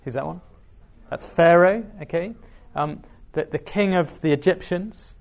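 A man's voice: a little high, normal speed, creaky, a little mellow. A man preaching a sermon, reading scripture aloud and asking the listeners questions.

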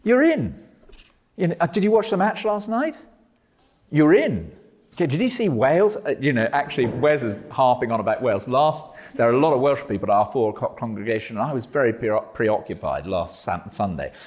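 A man giving a jokey, animated talk on evangelism to a meeting. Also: mid-range voice, brisk. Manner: jokey, animated, self-mocking asides. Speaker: preacher.

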